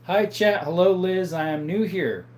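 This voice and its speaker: A man's voice: high voice, measured pace. A middle-aged man hosting a casual livestream on his phone. He chats, laughs often and reads viewer comments aloud. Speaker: livestream host.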